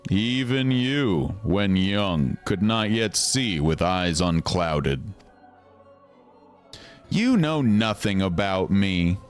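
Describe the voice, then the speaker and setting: A man putting on a solemn low villain voice. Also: sing-song, clean tone, faint music behind, full character voice. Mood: ominous. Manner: low, slow, solemn delivery, self-admittedly weak villain voice. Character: ominous masked male villain emissary.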